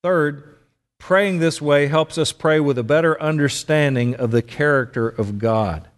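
Preaching at a measured pace, a middle-aged man with a fairly high voice talks to his congregation conversationally. He keeps asking them questions. The recording has a big-room sound.

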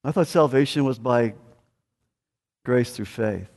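A man's voice: mid-range voice, a little slow, vocal fry, a little mellow. Preaching man in a reverberant hall. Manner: emphatic preaching, rising and dropping in volume. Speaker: pastor. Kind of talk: sermon.

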